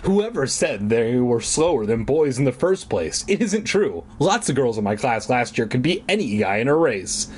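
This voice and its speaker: A man's voice: medium pitch, sing-song, moderate pace, few pauses, slight background noise. A man reading a children's horror book aloud and breaking off for sarcastic, irreverent asides. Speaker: reader and commentator.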